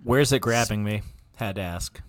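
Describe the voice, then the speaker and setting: A man's voice: on the low side, moderate pace. A man co-hosting a podcast, chatting casually and laughing often with friends. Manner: laughs often, lively swearing banter. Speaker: podcast co-host. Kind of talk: casual chat.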